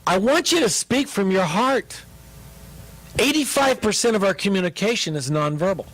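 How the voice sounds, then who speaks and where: A man pastor teaching about marriage, joking and animated as he speaks to his listeners. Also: sits high, normal speed, low-quality recording.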